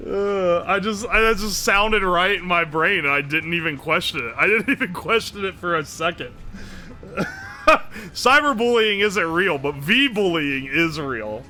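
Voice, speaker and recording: A man's voice: high-pitched, animated, measured pace, sharp tone. A man streaming live, reading his chat aloud and reacting in a joking, profane way. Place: home streaming setup.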